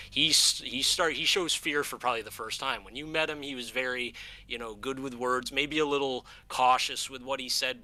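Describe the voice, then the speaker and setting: A man narrating a tabletop game as game master, halting with many fillers. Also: lowish voice, bright, forceful tone.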